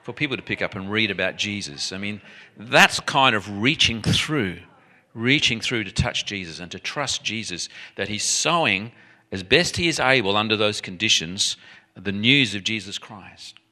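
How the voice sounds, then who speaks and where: A man preaching a sermon in an animated, emphatic way, often restarting his sentences. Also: fairly low pitch, moderate pace.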